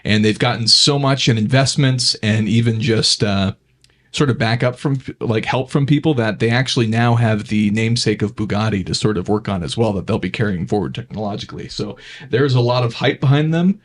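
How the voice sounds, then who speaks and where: A man's voice: on the low side, a little fast. A man co-hosting a car podcast, explaining car news in an easygoing way with plenty of fillers. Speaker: podcast co-host. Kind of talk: casual car news chat.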